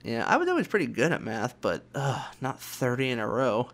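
A man's voice: medium pitch, wildly swooping pitch, fairly quick, fairly bright tone. Chatty man telling stories. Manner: chatty storyteller, acts out quoted voices. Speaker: podcast co-host. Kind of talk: casual chat.

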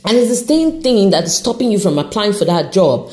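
A woman hosting her own podcast, giving an unscripted motivational talk straight to the listener, encouraging and animated, with an accent that shifts as she talks. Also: medium pitch, brisk, hardly any pauses. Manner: accent shifts while talking. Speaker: podcast host.

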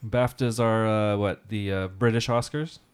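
A man co-hosting a casual podcast, a teacher who tells animated stories, acts out quotes and talks with many fillers. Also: lowish voice, a little slow, clear, resonant tone. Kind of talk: casual chat.

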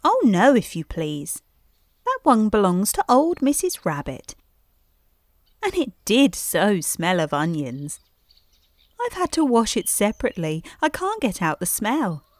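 A woman's voice: mid-range voice, huge pitch swings, measured pace, no echo. A woman voicing a small, anxious, polite hedgehog washerwoman in a storybook, with eager-to-please chatter. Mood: chatty. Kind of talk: storybook character voice.

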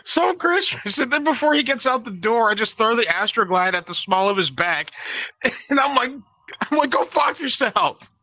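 A man's voice: very high-pitched, expressive, normal speed, sharp tone, no room sound. A young man hosting a podcast, retelling an awkward story with laughter and acted quotes. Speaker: podcast host. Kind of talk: casual storytelling.

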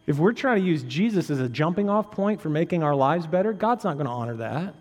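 Guy pastor preaching, chatty and jokey, gets loud then drops real low, kinda high voice, long echo in a big church. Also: expressive, fairly quick. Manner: conversational preaching with frequent "right?" asides and humor; swings between intense raised emphasis and quiet low-voiced stress. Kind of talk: sermon.

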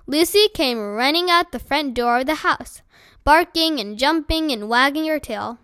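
Woman narrator, children's book reading, high voice, bright, dry close sound. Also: moderate pace, no room sound. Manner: gentle storytelling. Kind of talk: reading a children's novel aloud.

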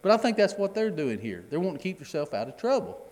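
Conversational preacher in a reverberant hall. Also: male voice, high-pitched, big pitch swings, fast, a little mellow. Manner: conversational, repeats words, chuckles at himself. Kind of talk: Bible class teaching.

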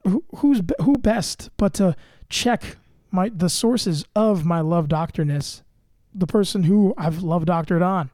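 A man's voice: high voice, unhurried, a little mellow, dry recording, clean studio sound. A man hosting a casual comedy podcast, bragging in a mock-grandiose, self-mocking way. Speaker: podcast host.

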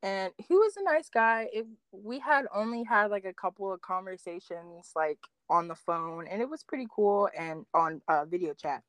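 A young woman telling dating stories in casual chat, full of "like" fillers and quoting others with big jumps in pitch. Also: moderate pace, few pauses, no echo. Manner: animated storyteller, acts out quotes with big pitch jumps, many "like" fillers.

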